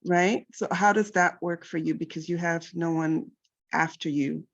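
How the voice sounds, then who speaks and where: A woman at a workshop asking halting, inquisitive questions. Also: fairly even intonation. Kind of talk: group discussion. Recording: muffled low-fidelity audio.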